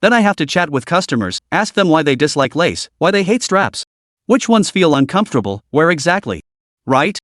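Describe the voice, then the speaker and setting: Man voicing a hot-tempered young male employee, indignant, lively pitch, dry close sound. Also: normal speed, no room sound. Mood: furious. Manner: angry and indignant.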